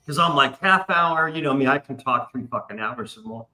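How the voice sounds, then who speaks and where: A man hosts a casual live stream, swearing freely as he rambles through a long story. His voice is bright and forward. The room gives it a noticeable echo. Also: a little high, lively intonation, normal speed. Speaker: stream host. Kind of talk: casual chat.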